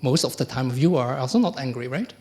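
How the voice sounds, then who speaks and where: A middle-aged man, a monk giving a conversational dharma talk, often asking the audience questions and acting out quoted exchanges. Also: fairly quick. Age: middle-aged or older. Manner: acts out quoted exchanges with lively pitch jumps. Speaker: Buddhist monk teacher.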